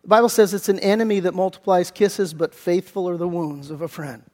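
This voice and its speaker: A male pastor preaching a sermon, telling stories in a chatty, animated way with lots of fillers. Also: high voice, fairly quick. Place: church sanctuary. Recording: long echo in a church hall.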